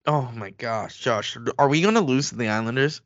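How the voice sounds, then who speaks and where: A man co-hosting a casual sports podcast, excitable and quick to get heated as he rants. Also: mid-range voice, dry recording, highs cut off. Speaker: podcast co-host.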